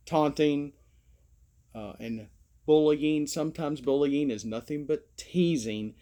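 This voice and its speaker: A man's voice: mid-range voice, a little mellow. A man with an Alabama Southern accent, rambling through a folksy, meandering vlog monologue. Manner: meandering, folksy, self-deprecating. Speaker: vlogger.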